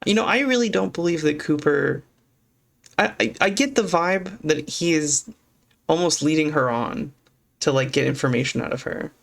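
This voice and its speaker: A man co-hosting a podcast, chatting about an episode in an animated, playful way. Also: on the high side, moderate pace, gravelly. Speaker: podcast co-host. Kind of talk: casual recap chat.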